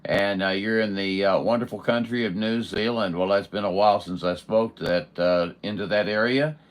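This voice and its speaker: A man's voice: on the low side, steady tone, moderate pace. A man working amateur radio contacts, chatting in a folksy way with lots of fillers.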